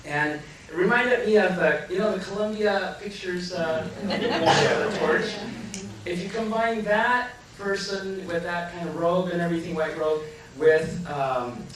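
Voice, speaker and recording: A man telling a humorous personal story to a live audience, animated and laughing often, acting out what people said. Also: high-pitched, a little slow, slight background noise. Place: large echoey hall with a live audience. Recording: echoey hall from far off, audience audible.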